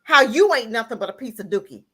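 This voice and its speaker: Woman caller ranting hard, voice jumps all over, pitch kinda high, keeps hammering the same lines. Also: lively intonation, quick pace, bright, forceful tone, breathy edge. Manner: heated and emphatic, preaching with repeated lines; breaks into laughter and raises voice to near-crying pitch. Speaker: caller on a live talk show. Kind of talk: impassioned call-in rant.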